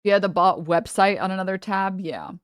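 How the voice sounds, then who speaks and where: A woman's voice: mid-range voice, lively intonation, normal speed, dry recording, clean studio sound. A woman streamer chatting casually, rambling with lots of fillers and trailing off mid-thought. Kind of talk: casual live-stream chat.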